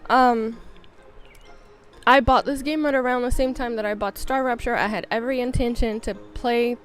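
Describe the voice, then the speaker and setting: A woman's voice: on the high side, fairly even intonation, normal speed, soft background music. A woman in her thirties streaming a game, talking in a rambling, candid, self-mocking way. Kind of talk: casual chat while gaming.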